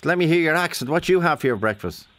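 A man's voice: a little high, expressive, fairly bright tone, no echo. Chatty Irish man hosting radio. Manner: chatty, quick questions with many restarts. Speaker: radio host. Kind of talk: phone-in radio chat. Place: radio studio. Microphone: studio microphone.

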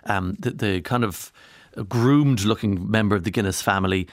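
A man's voice: on the low side, normal speed, dry recording, clean studio sound. A man hosting a radio show, chatting wryly and at length and often letting his voice fall away. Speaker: radio host.

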